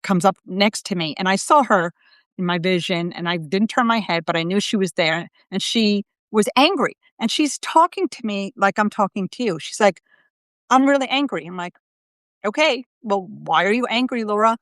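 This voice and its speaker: This is a middle-aged woman hosting a show as a medium, talking in a relaxed, conversational way. She tells lively stories, acts out quotes and laughs along the way. Her voice sits at a mid pitch and sounds close and dry. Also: moderate pace, dry recording. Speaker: psychic medium, show host. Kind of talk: casual conversational chat.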